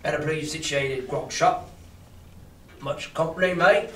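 A rough, bossy old sea captain from a storybook, read out by a male teacher. He barks his orders in a gruff, commanding way. The voice sounds roomy and distant, as if picked up from across a classroom. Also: on the high side, fairly even intonation, measured pace, fairly bright tone, slight background noise. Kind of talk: reading a novel aloud to a class. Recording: roomy classroom, mic far off.

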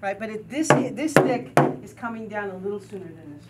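A woman's voice: medium pitch, expressive, fairly quick. A woman teaching a group drum and dance class, counting steps, chanting rhythm syllables and encouraging her students. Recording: distant mic with loud noise.

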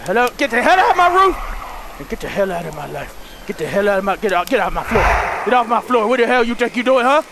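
A young man giving frantic, cursing commentary while playing a horror game and yelling at the monsters. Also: high-pitched, fast talker, vocal fry, heavy background noise. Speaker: gaming video host.

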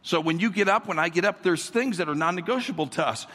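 A man with a notably high, slightly husky voice preaches as a guest pastor, energetic and full of repetition. He keeps calling on the congregation to answer him. His words ring out with a long reverb through a large church hall. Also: quick pace. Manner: energetic, calls for congregation responses, repeats words. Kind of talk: sermon.

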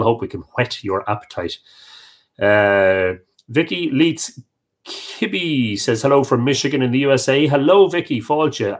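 A man with an Irish accent hosting a live stream, reading out viewer comments and welcoming each one by name with Irish greetings. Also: mid-range voice. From Ireland. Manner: friendly, reads names aloud and greets viewers with Irish phrases. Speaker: livestream host.

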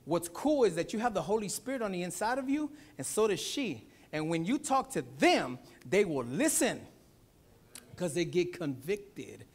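A pastor preaching a Sunday sermon, telling a family story with acted-out voices. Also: male voice, sits high, normal speed. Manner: animated storytelling, acts out voices.

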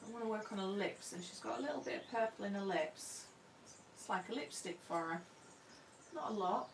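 A woman's voice: mid-range voice, a little fast, distant mic, a little hiss or hum. A woman artist talking through her painting live, chatty and self-deprecating, murmuring to herself as she works. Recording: roomy sound from away from the mic.

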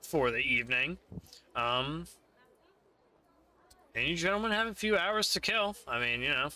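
A man's voice: a little high, expressive, measured pace, bright, forceful tone. A man narrating a casual tabletop game as game master in a rambling way, full of fillers.

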